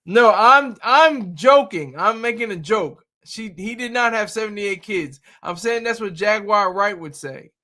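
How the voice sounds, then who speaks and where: A man's voice: high voice, measured pace, few pauses. A man hosting a casual livestream, riffing and joking with lots of laughter. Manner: laughs often, animated, jokey riffing. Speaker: livestream host.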